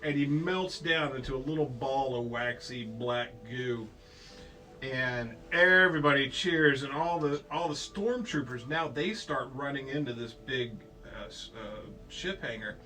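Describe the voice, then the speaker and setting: A man's voice: mid-range voice, a little slow, pushed and bright. A man telling a child an improvised bedtime story, playful and rambling, with silly sound effects. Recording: distant mic with faint music.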